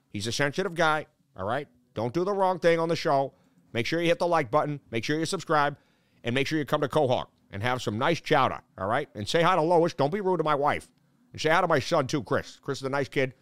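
A man's voice: a little high, brisk, a bit bright, clear, resonant tone, dry recording, lightly acted. A man doing an impression of a brash, goofy cartoon dad, blustering and mock-threatening over faint background music.

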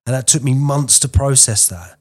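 A man's voice: medium pitch, moderate pace, a little mellow, slightly rough. A man sharing a painful experience bluntly in a candid conversation.

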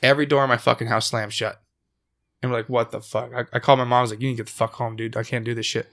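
A young man hosting a casual podcast, telling a spooky personal story with lots of swearing. His voice sits mid-range for a man. He gets louder and more animated at the frightening moments. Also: medium pitch, rapid-fire. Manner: profane, animated when telling the scary parts. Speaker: podcast host.

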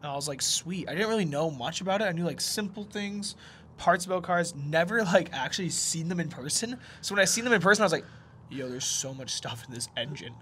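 Young dude, kinda high voice, rambly slangy storytelling, little bit of hiss. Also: male voice, fast, bright, forceful tone. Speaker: podcast co-host. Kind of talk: casual chat.

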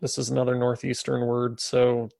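Gravelly-voiced man telling a story. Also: mid-range voice, monotone, normal speed, warm tone, no echo. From USA. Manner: jokey, sarcastic asides. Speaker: podcast co-host. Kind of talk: casual storytelling chat.

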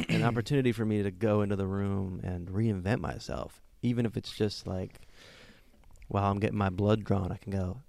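A man's voice: fairly low pitch, steady tone, moderate pace, creaky, a little mellow, no echo. A man co-hosting a casual comedy podcast, telling self-mocking stories in a joking way. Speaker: podcast co-host.

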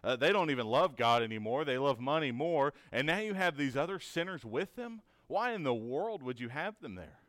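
A man with a smooth, resonant voice of ordinary pitch teaches a Bible lesson in an earnest, encouraging tone. He keeps asking his listeners questions and often tags them with "right?". The sound is close and dry, with no room echo. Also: lively intonation, moderate pace, hardly any pauses, fairly bright tone. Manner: asks rhetorical questions, often tagged with "right?".

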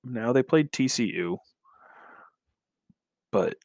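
A man's voice: deep voice, animated, measured pace, vocal fry, dry recording. A man co-hosting a casual sports podcast, talking hesitantly with lots of fillers and sighs.

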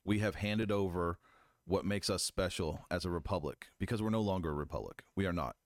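A very deep-voiced American man, a political candidate, laying out his views in firm, declarative statements. He sounds certain and unhurried, recorded dry and close. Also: dry recording. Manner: firm, declarative, speaks in flat statements of conviction. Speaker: congressional candidate guest. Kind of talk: political interview.

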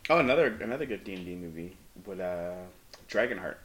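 A male podcast guest chats casually in short, enthusiastic bursts. His voice sits a bit low, and the room around him rings with echo. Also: animated, fast, a bit bright. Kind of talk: casual chat.

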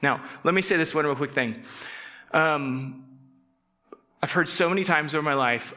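A middle-aged man preaching a casual, conversational sermon. He acts out quick quoted voices and sometimes drops to a soft, intense tone. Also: a little high. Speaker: pastor.

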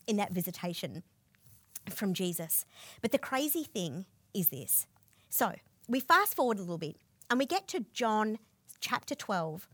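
A woman preaching a sermon in a fairly high voice that swings up and down, vivid and expressive as she walks through a scripture story. The recording is dry and close, with no room sound. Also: no echo. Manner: expressive storytelling, asks listeners to imagine the scene.

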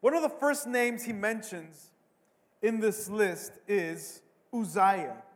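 A male pastor with a high voice delivers a sermon, dropping to near-hushed asides and then surging loud on key words, often repeating himself as he builds a point. His voice carries the long reverb of a large hall. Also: lively intonation, takes it slowly. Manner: dynamic preaching, swings between hushed and loud, repeats words.

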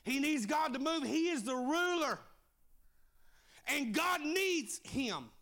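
A male preacher with a very high, bright, gravelly voice. He preaches in a rising, sing-song cadence, shouting at the peaks of his phrases and dropping in folksy jokes. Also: animated, slow. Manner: folksy, jokey asides. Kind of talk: sermon.

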